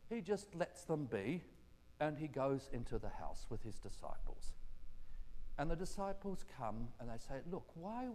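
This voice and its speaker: Male preacher, conversational sermon, rhetorical questions, lively pitch, reverberant hall. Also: measured pace, a little hiss or hum.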